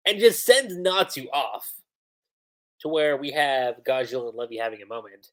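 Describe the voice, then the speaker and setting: A man's voice: medium pitch, moderate pace, a bit bright. A man casually recapping an anime episode on a livestream, retelling scenes and quoting the characters as he goes. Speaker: anime reviewer.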